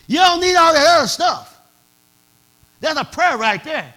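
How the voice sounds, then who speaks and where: High-voiced pastor man preaching, aave, gets shouty, real bright tone. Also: expressive, a little slow. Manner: preaching in a dialect, swelling to shouts. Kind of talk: sermon.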